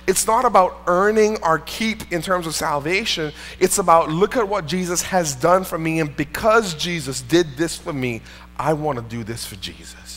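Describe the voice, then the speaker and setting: In a church sanctuary, a male pastor preaches a sermon, sharing a personal story in an earnest, conversational manner. His voice sits on the high side and sounds a bit bright, moving at a normal speed. The church hall gives the recording a long reverb.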